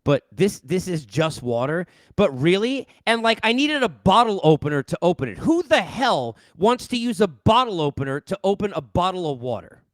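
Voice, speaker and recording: New guy ranting about hoops on a headset, high voice, really dry sound. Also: moderate pace, few pauses, no echo. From New York. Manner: animated, ranting, blunt. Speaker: podcast host. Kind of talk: solo sports rant.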